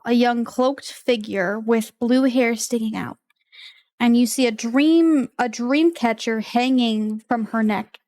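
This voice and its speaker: A woman narrating a tabletop game as game master, describing scenes slowly and voicing characters. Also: on the high side, darkish tone.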